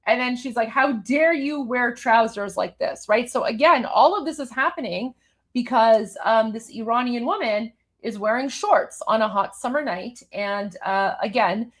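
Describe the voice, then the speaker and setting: A woman from Iran hosts a live stream, talking through a clip in an emphatic, indignant way. Her voice sits a little high, and she keeps stopping to restart her sentences with plenty of fillers. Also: moderate pace. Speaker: host. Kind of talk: live commentary on a video.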